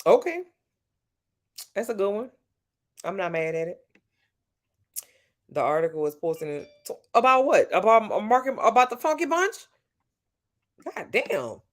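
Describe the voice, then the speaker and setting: Speaking a little slowly with frequent pauses and big swings in her medium-pitched voice, a Louisiana woman chats with her live stream viewers from home at night. She answers chat in a sassy, playful way, addressing them directly.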